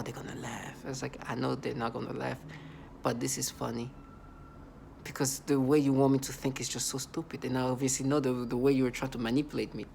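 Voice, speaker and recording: A man's voice: mid-range voice, vocal fry, slight background noise. A man vlogging in a rambling, agitated monologue full of restarts and repeated words. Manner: agitated, repetitive, many restarts; laughs in disbelief.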